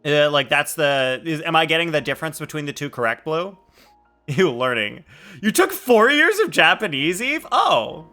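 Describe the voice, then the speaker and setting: A man's voice: on the high side, big pitch swings, normal speed, sharp tone, faint music behind. A man live-streaming a video game, chatting casually and animatedly with his chat and laughing often.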